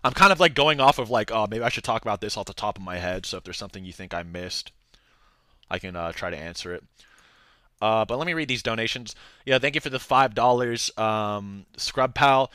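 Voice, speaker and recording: A man's voice: lowish voice, expressive, fairly quick, pushed and bright, clean tone, no echo, studio quality. A young man streaming and chatting casually, rambling loosely with lots of filler words and slang. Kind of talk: casual livestream rant.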